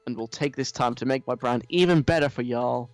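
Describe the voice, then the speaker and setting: A man's voice: mid-range voice, brisk, dry recording, soft background music, natural voice. A man voicing an entitled, whiny young woman influencer with a put-on American accent, gushing and self-pitying.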